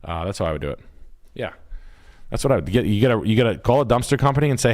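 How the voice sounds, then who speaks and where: A man hosting a live stream as a realtor, explaining practical jobs in a rapid, profane, casual way. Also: lowish voice, animated, a little mellow.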